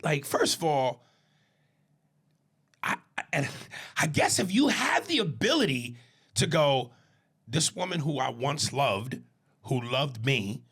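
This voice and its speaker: Gravelly, husky-voiced male podcast co-host. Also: medium pitch, big pitch swings, slow pace, long pauses, fairly bright tone. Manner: frequent "right" agreements, reflective. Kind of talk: casual chat.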